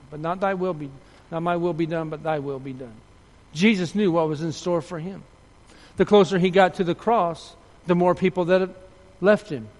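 A man preaching a sermon earnestly, rising and loud when telling a story, dropping soft and low for appeals. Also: in a large hall. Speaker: pastor.

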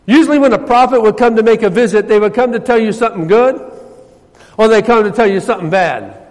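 A man preaching a sermon as pastor, swinging between loud emphasis and soft, hushed passages. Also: high-pitched, quick pace, long reverb tail.

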